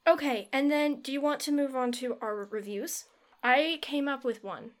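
A young woman with a slightly high voice chats casually as a podcast co-host. She is playful and teasing and retells stories with lively animation. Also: normal speed. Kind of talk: casual chat.

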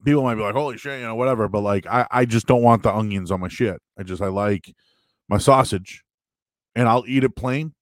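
A man's voice: lowish voice, fairly quick, no room sound. A man hosting a live stream, answering chat questions in a casual, rambling and joking way with frequent restarts. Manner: animated, joking, restarts a lot.

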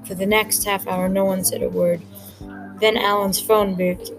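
A woman with a middling pitch reads an original story aloud, quick and plain, moving briskly from line to line in a flat delivery. Music plays clearly underneath throughout, and the audio is poor.

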